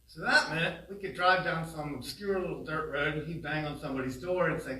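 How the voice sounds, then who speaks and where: A man telling humorous family stories in a eulogy at a funeral home, animated and laughing along, recorded from a distance. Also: on the high side, brisk. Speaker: son giving a eulogy. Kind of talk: humorous memorial storytelling. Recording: roomy, distant hall sound.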